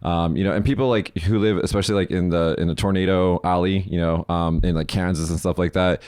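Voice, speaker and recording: A man's voice: deep voice, steady tone, fairly quick, a little mellow, clear, resonant tone, no echo, clean studio sound. A young man from Las Vegas hosting a podcast, chatting casually, rambling and swearing freely. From Las Vegas, United States. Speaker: podcast host. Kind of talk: casual chat.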